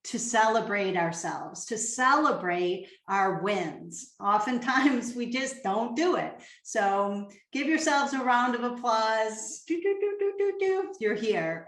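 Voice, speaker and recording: A woman's voice: medium pitch, takes it slowly, hardly any pauses, fairly bright tone, echoey room. A woman giving an upbeat live online talk, laughing often and speaking directly to her audience over a webcam. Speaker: motivational speaker. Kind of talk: live webinar presentation. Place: home office on a webcam. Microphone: webcam or computer mic.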